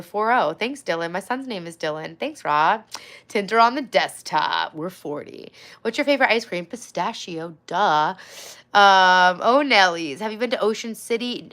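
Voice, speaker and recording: A woman's voice: medium pitch, fairly bright tone. A woman in her forties hosting a casual livestream, chatty and playful, swearing freely and thanking viewers by name. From Long Island, New York. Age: 40s. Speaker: livestream host.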